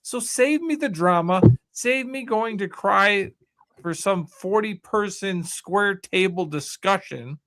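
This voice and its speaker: A man's voice: high-pitched, slow, a bit bright. A man co-hosting a sports podcast, talking in a casual, sarcastic way. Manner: sarcastic, mocking quoted voices. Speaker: podcast co-host.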